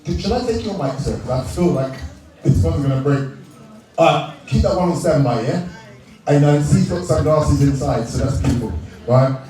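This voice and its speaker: Holding a handheld microphone in a big indoor hall, a British awards host works the live crowd with jokes, frequent laughter and shout-outs. He sounds animated, on the high side, at a moderate pace, and the recording is echoey and distant with crowd noise.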